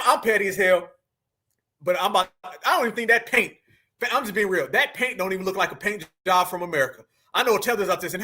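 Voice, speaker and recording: Sitting high with a bright, forceful tone and a breathy edge, this man's voice carries a casual livestream. He reacts to a clip, mocking and teasing his audience in jest and speaking right to chat.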